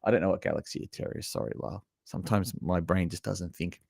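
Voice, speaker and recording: A man's voice: low-pitched, fast talker, gravelly, dry recording, studio quality. A man from Australia, hosting a casual live stream and chatting to viewers about trailers. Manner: chatty, talks to chat viewers, lively asides. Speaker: livestream host reacting to trailers. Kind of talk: casual live reaction chat.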